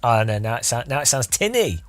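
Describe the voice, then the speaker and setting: A man's voice: mid-range voice, sing-song, brisk, soft background music. A man streaming live, testing and adjusting his studio microphone, joking wryly as he counts into it close up. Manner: rueful, joking, counting into the mic.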